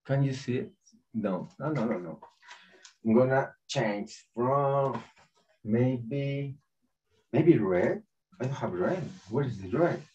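A spiritual teacher with an ordinary male pitch gives a slow, halting talk in a second language, often pausing to search for words and chuckling between thoughts. His tone is warm and animated. He sounds far from the mic, and the call audio is muffled and lo-fi.

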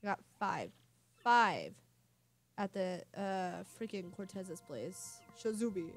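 A woman's voice: fairly low pitch, a little slow, vocal fry, faint music behind. A young woman giving casual let's-play commentary, chatty and self-mocking between reading voices. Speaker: gaming YouTuber.

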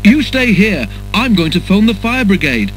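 A man voicing a male railway fireman who speaks urgently in a raised, excited voice, in a storybook reading. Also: a little fast, soft background music, close to an everyday voice, low-quality recording. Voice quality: high, urgent.

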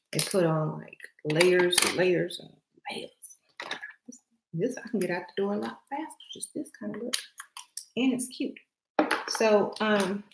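A woman's voice: medium pitch, vocal fry, heavy background noise. A middle-aged woman with a Southern accent chatting casually through a makeup tutorial, playful and often dropping to a murmur. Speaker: beauty vlogger.

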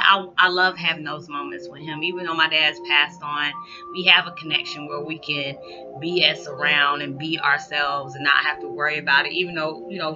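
Woman, 40s, casual rambling vlog talk, lo-fi sound. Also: low voice. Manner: rambling, conversational, many "you know" fillers; animated, rising loud when acting out reactions. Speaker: spiritual vlogger. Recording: dull lo-fi audio with background music.

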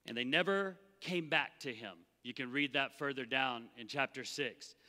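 Man, pastor, animated preaching, bright tone, long reverb. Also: mid-range voice, normal speed. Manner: animated, acts out the Bible voices. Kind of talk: sermon. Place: church sanctuary.

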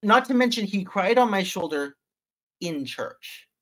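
A man as an interview guest, retelling a personal story in an animated, intense way with sudden loud bursts. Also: high-pitched, unhurried.

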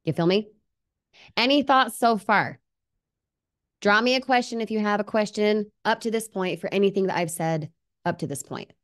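An upbeat woman, likely in her thirties, hosts a live online webinar. She speaks in a persuasive, energetic way at a middle pitch, keeps putting questions to her viewers and reads their comments aloud as she goes. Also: normal speed, pauses often. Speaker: livestream presenter.

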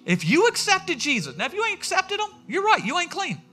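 In a church sanctuary, a pastor gives a loose, story-driven sermon, slipping into little voices for the people he quotes. His voice is high and very bright, with wildly swooping pitch and a brisk pace. Soft music plays underneath.

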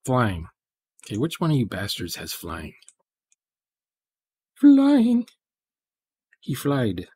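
A man's voice: lowish voice, big pitch swings, normal speed, husky, no room sound, studio quality. Man rambling while live coding. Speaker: programming livestream host. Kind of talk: casual rambling livestream chat.

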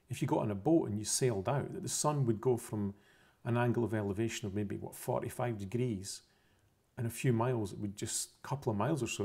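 Speaking off the cuff over images, this man walks through a science topic methodically, repeating points and fixing his wording mid-phrase. His voice is on the low side, gravelly and dark, with some breathiness.

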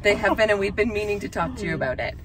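A woman improvising a comedy sketch, teasing and deadpan, repeating lines for laughs. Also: mid-range voice, racing, a crowd in the background. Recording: clear background noise.

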